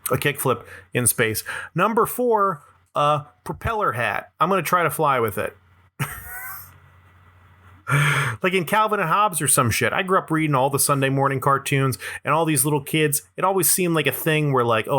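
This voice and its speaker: A man's voice: on the high side, pushed and bright. A young adult man hosting a podcast, delivering a rambling, self-deprecating comedic monologue and swearing freely. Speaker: podcast host.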